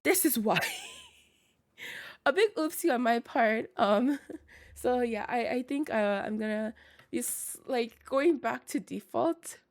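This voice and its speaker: Young woman streamer chatting w viewers, scratchy tired voice, kinda high, lots of ums and laughs. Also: unhurried, darkish tone. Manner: rambling, laughs often, many fillers. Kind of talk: casual livestream chat with viewers.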